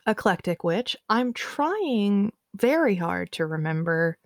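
Slow-talking woman in her thirties. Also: mid-range voice, sing-song, no room sound, studio quality. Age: 30s. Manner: hesitant, self-deprecating, many fillers. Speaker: podcast co-host. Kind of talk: casual podcast chat.

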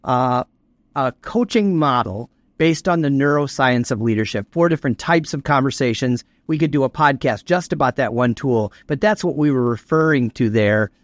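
A man's voice: medium pitch, normal speed, no echo. Man co-hosting in a dry studio. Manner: conversational storyteller. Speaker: podcast co-host. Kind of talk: casual podcast chat.

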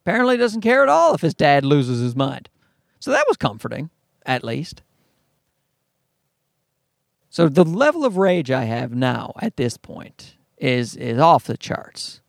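A man rants his way through a story, swearing constantly and sounding fed up. His voice sits a bit high and swings widely in pitch. The sound is close and dry. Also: sing-song, unhurried, creaky, pauses often, no room sound. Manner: profane, exasperated ranting. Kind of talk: comic ranting anecdote.

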